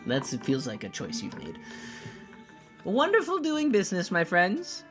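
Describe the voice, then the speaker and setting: A man putting on a fast-talking, shady shop dealer for a tabletop game, his voice pitched well above his own and swooping all over. He pushes every deal with salesman patter. Soft music sits underneath. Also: wildly swooping pitch, full character voice. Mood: wheedling. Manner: pushy, salesman patter, high put-on voice.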